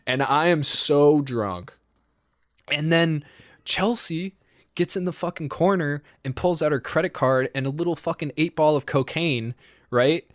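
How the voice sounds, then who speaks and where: A man's voice: on the high side, measured pace, no echo, studio quality. A young man co-hosting a podcast, telling a rambling, profane story and laughing often as he goes. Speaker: podcast co-host. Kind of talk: casual storytelling chat.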